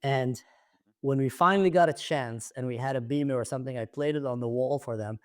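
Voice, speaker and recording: A man's voice: medium pitch, fairly quick. A young adult man hosting a podcast, telling a story with animation and acting out scenes in casual conversation. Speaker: podcast host.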